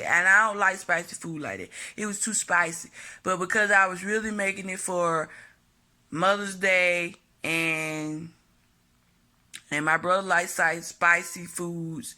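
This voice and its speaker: A woman's voice: on the low side, sharp tone. A woman vlogging a blunt, profane opinion monologue to camera, hammering her points home by repeating them.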